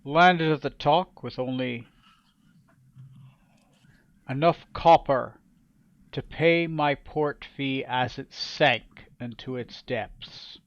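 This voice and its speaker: A man voicing a ruthless, self-made male pirate king who speaks slowly and with menace. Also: mid-range voice, no room sound, dull audio. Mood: menacing.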